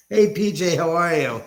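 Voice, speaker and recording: A man's voice: a little high, echoey room. Chatty man hosting a live stream. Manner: rambling, chatty, greets viewers by name. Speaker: livestream host. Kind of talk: casual live chat with viewers. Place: room at home.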